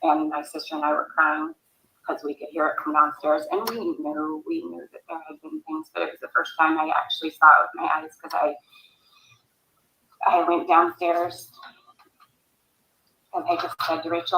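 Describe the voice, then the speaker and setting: Woman, interview testimony, gravelly low voice, roomy echo. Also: animated, sharp tone. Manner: halting, hesitant recollection. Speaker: interviewee, sister of the subject. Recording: echoey room.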